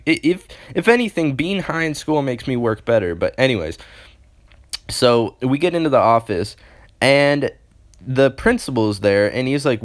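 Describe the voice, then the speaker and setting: A man's voice: mid-range voice, normal speed. A young man in his late teens telling a story casually to camera, rambling and swearing freely. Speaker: storytime vlogger.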